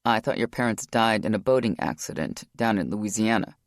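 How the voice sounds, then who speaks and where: Guy doing a gruff rumbly team boss, blunt, kinda gravelly. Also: a little fast, dry recording, studio quality, close to an everyday voice. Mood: startled, gruff. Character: gruff male team leader.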